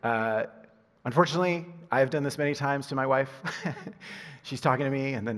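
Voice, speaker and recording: A male pastor preaches a lively sermon at a quick pace, swinging from loud, emphatic lines to hushed, low asides and laughing at himself. His slightly husky, breathy voice rings out with the long reverb of a large hall.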